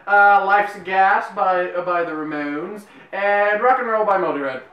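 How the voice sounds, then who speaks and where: A woman's voice: mid-range voice, a little slow, recorded from a distance, highs cut off, faint music behind. A woman co-hosting a casual chat, answering hesitantly with many fillers and restarts. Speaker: co-host. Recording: echoey room, away from the mic.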